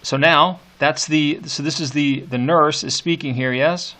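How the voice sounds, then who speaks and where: A middle-aged man teaching literature, reading poetry aloud slowly and annotating it, with hesitant fillers. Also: on the high side, fairly even intonation, bright, forceful tone. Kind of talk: lecture with poem reading.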